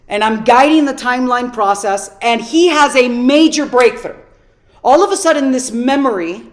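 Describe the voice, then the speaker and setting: Brief: woman coach, higher voice, lively storyteller teaching online. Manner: animated storytelling, rhetorical questions. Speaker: personal development coach.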